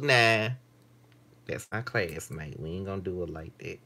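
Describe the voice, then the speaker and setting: Late twenties guy rambling to the camera, swears a lot, pitch all over the place. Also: expressive, measured pace, bright, forceful tone. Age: late 20s. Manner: candid, rambling, profane. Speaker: vlogger. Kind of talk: casual vlog chat.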